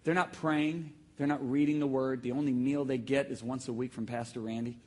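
A man preaching a sermon to a congregation, telling stories with sudden shouts and emphatic, drawn-out phrases. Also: mid-range voice, fairly even intonation. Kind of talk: sermon with audience call-and-response. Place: church hall with live congregation.

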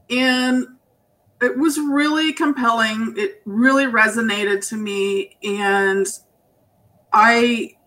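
A woman co-hosting a podcast, chatting casually and asking long, rambling questions over a video call. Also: on the high side. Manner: warm, laughing, rambling questions. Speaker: podcast co-host. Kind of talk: casual chat.

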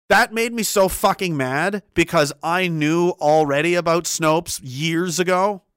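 A man's voice: a little high, a little slow, hardly any pauses, fairly bright tone, clean tone, no room sound, studio quality. Profane, rambling streamer man. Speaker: livestream host reading chat. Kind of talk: casual livestream rant.

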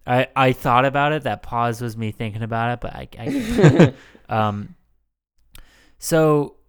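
A man's voice: mid-range voice, expressive, a little slow, clear, resonant tone. A man co-hosting a podcast, recapping a movie in a rambling, crude way, full of fillers and restarts. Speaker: podcast co-host. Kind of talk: casual chat.

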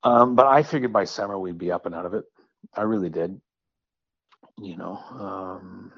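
A man, a musician guest, talking casually in an interview, rambling with halting restarts and self-deprecating asides. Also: fairly low pitch, dry recording, muffled recording.

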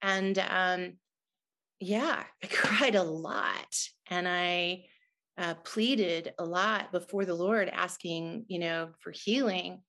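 A woman's voice: on the low side, takes it slowly, pushed and bright. A middle-aged woman, a guest in an interview, telling a personal testimony in an earnest, emotional way.

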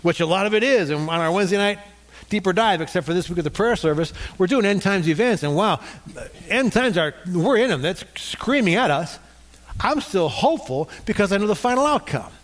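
A middle-aged man preaches a sermon with a lively delivery and keeps drawing the congregation into call-and-response. His voice sits somewhat high for a man. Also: a little fast. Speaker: pastor.

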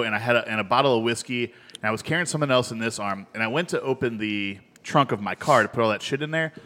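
A man's voice: medium pitch, sharp tone, long reverb tail. A man co-hosting a casual podcast, telling rambling, profane stories between laughs. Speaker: podcast co-host. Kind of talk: casual beer podcast banter.

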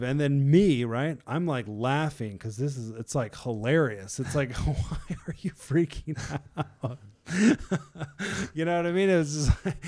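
Man, devotional talk, casual and rambling, lots of fillers, chuckles, mid-pitched voice. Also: darkish tone. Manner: rambling, conversational, many fillers and restarts; chuckles often. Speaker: devotional speaker.

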